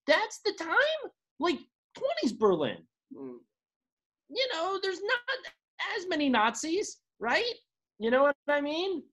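A man's voice: wildly swooping pitch, a bit bright. A man co-hosting a casual movie podcast, ranting with sarcastic exasperation and swearing. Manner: rapid pitch swings, sarcastic. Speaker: podcast co-host. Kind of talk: casual movie-review chat.

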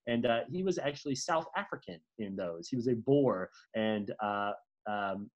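A podcast co-host telling rambling stories in casual chat, full of fillers and restarts, and swooping high when excited. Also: moderate pace, lo-fi sound.

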